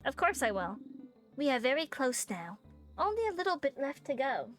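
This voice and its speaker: A woman voicing an ancient, solemn guardian spirit of a cat shrine in a put-on semi-Australian, semi-British accent, with a slow storytelling delivery. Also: sits high, sing-song, faint music behind.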